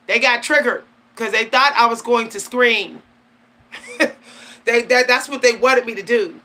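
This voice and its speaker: A woman's voice: on the high side, normal speed, pushed and bright. A woman hosting her channel, talking casually and emphatically about spiritual matters, slangy and laughing often. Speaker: channel host. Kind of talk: casual spiritual talk to camera.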